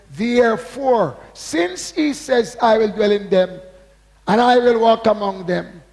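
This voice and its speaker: A man preaching a sermon. He speaks slowly and with emphasis, asks the congregation to repeat key words, and reads scripture with drawn-out stress. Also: high voice, a little mellow, big-room sound. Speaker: pastor. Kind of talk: sermon with call-and-response.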